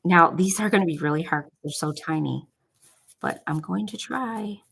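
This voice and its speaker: Gravelly Buffalo-accented woman crafting. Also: lowish voice, normal speed, a bit bright, poor audio. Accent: Buffalo, New York. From Buffalo, New York. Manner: chatty, rambling, many filler likes. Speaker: craft vlogger. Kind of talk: casual crafting tutorial chat.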